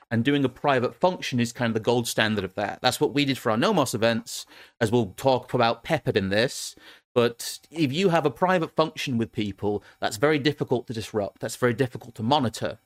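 A man's voice: medium pitch, no echo. A man from England hosting a casual political talk show, rambling with frequent restarts and laughs. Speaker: podcast host.

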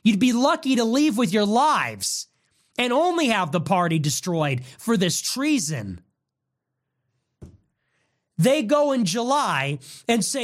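Man, high-pitched voice, angry combative political monologue, show host. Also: very animated, slow pace.

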